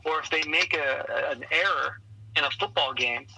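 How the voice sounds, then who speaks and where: A man being interviewed on a podcast as a leadership coach, telling lively stories and acting out the voices of the people in them. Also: fairly high pitch, moderate pace, gravelly, breathy edge, rough recording. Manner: energetic storyteller who acts out quoted voices. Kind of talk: conversational interview.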